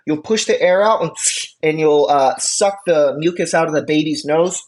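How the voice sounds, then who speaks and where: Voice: medium pitch, normal speed, darkish tone. An EMT course instructor giving a classroom lecture in a casual, chatty way, with conversational asides and frequent check-ins with the class.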